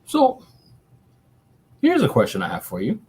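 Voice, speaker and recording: A man's voice: on the high side, wildly swooping pitch, measured pace, darkish tone, a little hiss or hum. A man co-hosting a casual radio show from the studio. He reminisces energetically and laughs often. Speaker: radio co-host.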